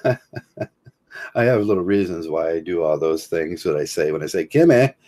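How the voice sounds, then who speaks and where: A man's voice: low-pitched, animated, dark tone. A man from Ohio with a Midwestern American accent, hosting a livestream and rambling through philosophy with many fillers and restarts. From Ohio, USA. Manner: halting, many fillers and restarts, chuckles often. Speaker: livestream host.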